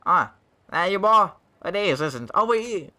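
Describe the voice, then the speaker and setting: A man voicing an excitable man on the run who keeps calling his listener boy, in a raised, pleading voice. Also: sits high, moderate pace, voice pushed up, full character voice. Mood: eager. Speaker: game character voiced by a player.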